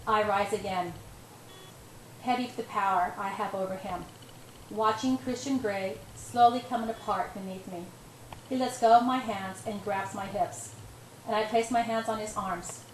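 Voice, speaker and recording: A woman reading first-person romance narration in a soft, intimate way. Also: medium pitch, fairly even intonation, normal speed, echoey room, slight background noise, poor audio. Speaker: audiobook reader.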